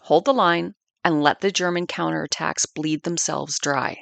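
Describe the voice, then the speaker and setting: A woman's voice: deep voice, normal speed, vocal fry, no room sound. A woman in her fifties narrating a family war history in an earnest, reflective way. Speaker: podcast narrator.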